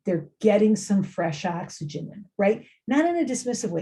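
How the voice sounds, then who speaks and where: A middle-aged woman giving an informal talk to parents, lively and conversational, often acting out quoted lines and repeating phrases for emphasis. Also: mid-range voice, moderate pace, vocal fry, hardly any pauses. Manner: animated, acts out quoted voices, repeats phrases. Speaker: family engagement speaker.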